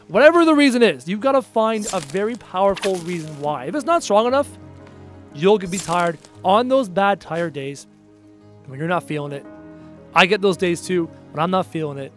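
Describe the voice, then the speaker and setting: A young man with a high voice talks casually on a live stream, answering chat bluntly and hammering his points with repetition. Faint music plays quietly behind him. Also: animated, normal speed. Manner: blunt, emphatic, repeats phrases for punch.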